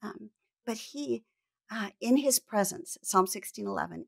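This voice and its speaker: Earnest woman with a gravelly edge. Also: medium pitch, animated, unhurried. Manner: earnest, reflective, quotes scripture. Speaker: guest, business coach. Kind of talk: faith-centered podcast conversation.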